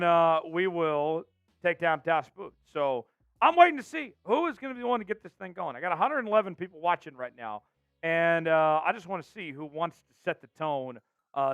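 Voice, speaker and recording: A man's voice: fairly high pitch, a bit bright, smooth, dry recording, muffled recording. A man hosting a live sports show, talking energetically and calling out viewers from the chat. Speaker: show host.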